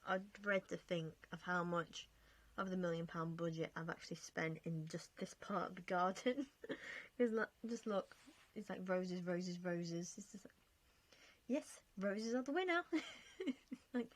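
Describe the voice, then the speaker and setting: A young woman chatting casually over gameplay, self-mocking and laughing often as she talks through her choices. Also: lowish voice. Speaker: game vlogger.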